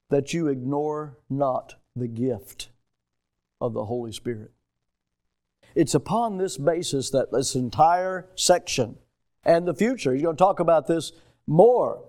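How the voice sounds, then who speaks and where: A man with a high, bright-pitched voice delivers a sermon from the pulpit. He leans hard on key words, then drops to near-hushed asides before building again. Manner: emphatic preaching that swings between loud stresses and hushed asides. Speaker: pastor.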